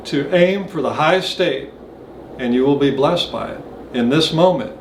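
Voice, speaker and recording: A man's voice: fairly high pitch, normal speed, roomy sound, slight background noise. A man giving an earnest reflective monologue, speaking straight to the listener with many rhetorical questions. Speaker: motivational speaker.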